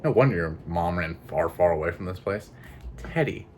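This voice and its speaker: A man's voice: low voice, a little fast, darkish tone. A man hosting a let's play, reading the game's text aloud and joking between lines, swearing freely. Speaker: gaming video host.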